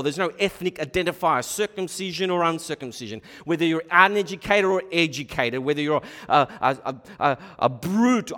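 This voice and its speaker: A middle-aged man preaching a sermon as pastor, shifting between quiet asides and emphatic points. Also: fairly high pitch. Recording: long hall reverb.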